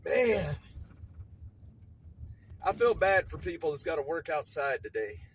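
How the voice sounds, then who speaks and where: A man's voice: a little high, very animated, measured pace, slight background noise, low-quality recording. A man live-streaming outdoors on a phone, shivering from the cold, rambling and talking to his chat. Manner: rambling, laughs often, talks to chat. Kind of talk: casual live-stream narration. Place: outdoors in a cemetery. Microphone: phone held in hand.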